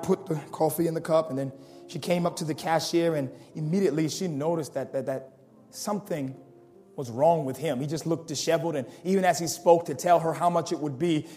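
A male preacher telling a dramatic sermon story, acting out its characters and rising to shouted appeals. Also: on the high side, a little fast, soft background music.

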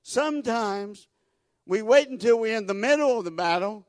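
Folksy preacher, fairly high voice. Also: male voice, lively intonation, normal speed, no echo. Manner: folksy storytelling, repeats words, builds to loud emphatic peaks. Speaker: guest preacher. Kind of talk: sermon.

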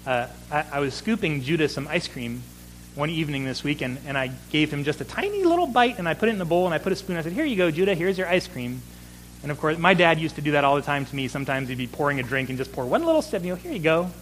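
A man's voice: on the high side, expressive, rapid-fire, fairly bright tone, slight background noise, rough recording. A man in his thirties preaching a sermon as pastor, earnest, building emphasis with repeated phrases.

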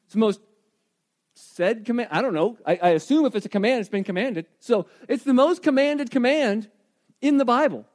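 A middle-aged man, a pastor, preaching an animated sermon and questioning the congregation directly. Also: extremely high pitch, moderate pace.

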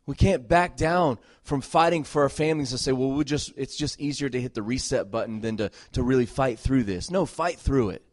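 A middle-aged man preaching a sermon as a pastor, earnest and emphatic, repeating phrases and moving between loud exhortation and soft, tender talk. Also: medium pitch, a little fast, hardly any pauses, no room sound, clean studio sound.

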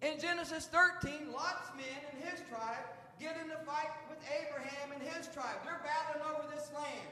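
A man preaching in a high voice tells the story in a folksy way and acts out each quote. He is heard in a large hall with a long echo. A faint hiss sits underneath. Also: normal speed, few pauses, bright, forceful tone. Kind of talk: sermon. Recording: echoey hall with long reverb and faint noise.

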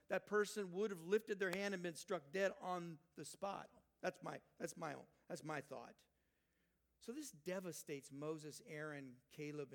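An older male pastor delivers a sermon in a high-pitched, emphatic voice. He swings between loud, urgent quotations and soft, earnest asides to his congregation. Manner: emphatic, rising loud when quoting, dropping soft for asides.

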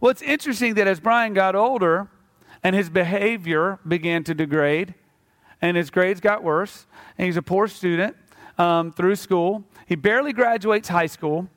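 A man with a notably high voice delivers a sermon. He talks to the congregation in a relaxed, conversational way while telling a story, then presses his point with earnest conviction. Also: moderate pace. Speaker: pastor.

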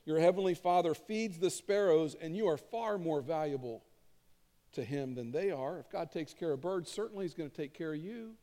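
A middle-aged man delivers a sermon from a church stage, earnest and conversational, leaning on repeated phrases. His voice is mellow and dark in tone yet pitched slightly high. The sound carries a long reverb from the large room. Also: expressive, moderate pace. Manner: conversational, earnest, emphatic repetition. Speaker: pastor.

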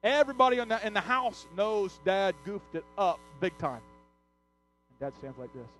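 Male pastor with a high voice, preaching with swelling passion over soft music. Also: normal speed, low-quality recording. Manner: impassioned preaching that swells loud and drops soft. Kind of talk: sermon.

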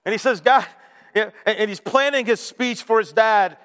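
A man preaching a sermon, telling stories in an animated way and dropping to a quiet voice for emphasis. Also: high-pitched, a little fast, smooth, long reverb tail. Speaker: pastor.

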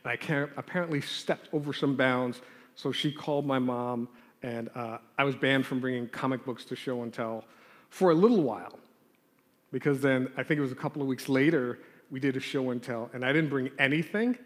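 A man telling a lively childhood story in a sermon and then leading a prayer, acting out the scenes as he goes. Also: medium pitch, a little fast. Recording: long hall reverb.

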